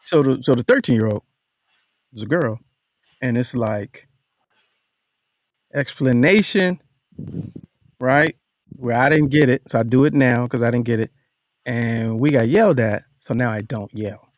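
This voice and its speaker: Lively middle-aged man chatting on a podcast. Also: medium pitch, unhurried, pauses often, no room sound, studio quality. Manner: animated storyteller, reads listener comments aloud. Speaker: podcast co-host. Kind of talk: casual chat.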